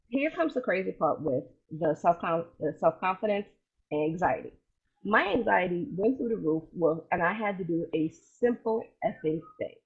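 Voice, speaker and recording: A woman co-hosting a podcast, telling lively casual stories in slangy speech with a husky voice over a video call. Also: on the low side, phone-quality sound. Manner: animated storyteller, colloquial, laughs easily. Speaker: podcast co-host. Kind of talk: casual chat.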